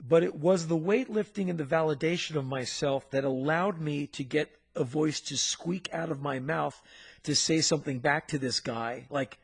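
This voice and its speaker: A man co-hosting a podcast, telling a story in an animated, punchy way with sound effects. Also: on the high side, normal speed, vocal fry, breathy edge. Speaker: podcast co-host. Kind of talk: storytelling in casual chat.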